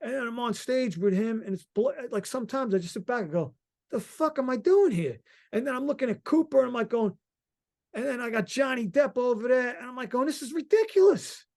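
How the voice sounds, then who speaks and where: A middle-aged man from Long Island, a musician guest telling stories in a rambling, excited way and swearing freely. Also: very high voice, quick pace, gravelly. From Long Island, New York. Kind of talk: casual interview chat.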